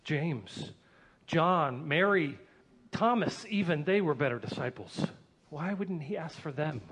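A man narrating a dramatic first-person story in an earnest, emotional way, swelling with excitement at tense moments. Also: fairly high pitch, measured pace, slightly rough.

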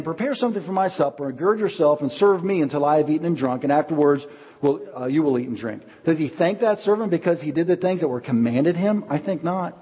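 A man preaching a sermon as pastor, telling stories with lively acted-out quotes. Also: a little high, breathy edge. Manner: animated storytelling, acts out quotes. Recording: dull audio with long hall reverb.

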